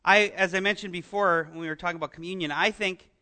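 A middle-aged male pastor preaching a sermon to his congregation in an animated, conversational way, full of rhetorical questions. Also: high-pitched, fast talker.

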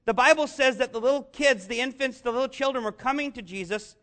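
A man preaching a sermon, earnest and conversational, rising to shouts on key lines. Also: very high voice, fast. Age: adult, father of young children. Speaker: pastor.

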